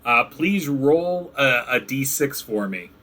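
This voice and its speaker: A man's voice: medium pitch, animated, slow, sharp tone. A young man narrating as game master in casual, rambling talk full of fillers. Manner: rambling, filler-heavy descriptions. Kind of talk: running a tabletop game, casual.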